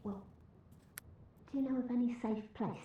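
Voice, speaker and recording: Game voice: a woman voicing a wary lone woman, high-pitched, muffled and far off. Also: fairly even intonation, normal speed, dark tone, lightly acted. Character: wary woman alone, pleading for safety. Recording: dull game audio from a distance.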